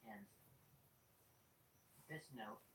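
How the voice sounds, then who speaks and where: A man thinking aloud in video commentary, hesitant and filling his pauses with "uh". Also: a bit bright. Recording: distant, echoey, faint noise.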